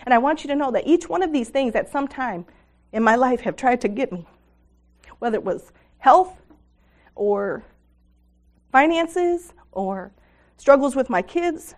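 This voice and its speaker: A woman's voice: sits high, animated, measured pace, pauses often. A middle-aged woman speaking to a women's gathering, reading scripture aloud in an earnest devotional manner. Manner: earnest, reads scripture aloud, laughs with audience.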